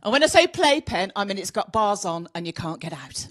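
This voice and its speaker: A woman's voice: medium pitch, sing-song, fairly quick, fairly bright tone. Brash middle-aged Birmingham woman comic. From Birmingham, England. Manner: bawdy, brash. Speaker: stand-up comedian. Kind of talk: stand-up routine. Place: comedy club stage.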